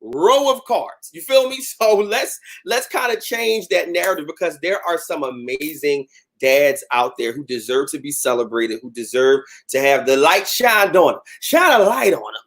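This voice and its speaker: A man's voice: a little high, moderate pace. A man hosting a casual livestream chat, reading viewer comments and talking to them with slang. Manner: animated, talks to viewers with slang. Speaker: host.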